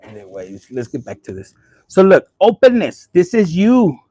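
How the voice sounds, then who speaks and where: Foul-mouthed, high-voiced man reading tarot. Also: wildly swooping pitch, normal speed, mellow, breathy edge, no room sound. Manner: profane, blunt and chatty, mixing in Spanish phrases. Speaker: tarot reader. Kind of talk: casual tarot reading vlog.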